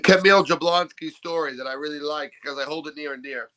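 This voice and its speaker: High, bright-voiced American storyteller man. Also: a little fast. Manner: animated storyteller, swears freely. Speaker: podcast co-host. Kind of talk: casual podcast chat.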